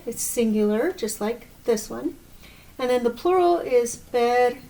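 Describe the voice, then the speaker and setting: A woman teaching a grammar lesson, explaining slowly and patiently and correcting herself as she goes. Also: on the high side, animated, dark tone. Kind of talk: recorded classroom lesson.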